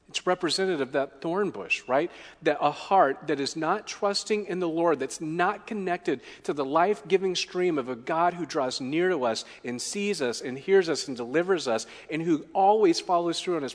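A man's voice: high voice, in a large hall. A male pastor preaching a sermon in a conversational style, often tagging his points with "right?" and acting out the quoted lines with dramatic swings.

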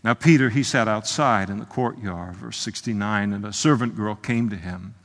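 A pastor delivers an impassioned expository sermon at a moderate pace, recorded with long hall reverb. He swings between soft, low asides and loud, emphatic outbursts.

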